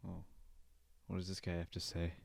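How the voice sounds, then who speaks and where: A man's voice: low voice, completely flat delivery, moderate pace, vocal fry, no echo, clean studio sound. A man hosting his own podcast in casual chat, thinking aloud in a chatty, playful way. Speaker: podcast host.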